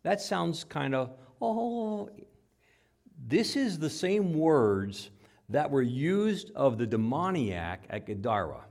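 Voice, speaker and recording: A man preaching a sermon in church, animated, repeating words and acting out the quotes. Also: a little high, slow pace, creaky. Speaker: pastor. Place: church with microphone.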